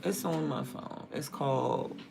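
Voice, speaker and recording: A man's voice: a little high, unhurried, gravelly, music in the background. A man from Prince George's County with a DMV accent, chatting casually on a livestream, rambling and thinking aloud as he trails off mid-sentence. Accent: DMV (Washington, D.C. area). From Prince George's County, Maryland. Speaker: streamer.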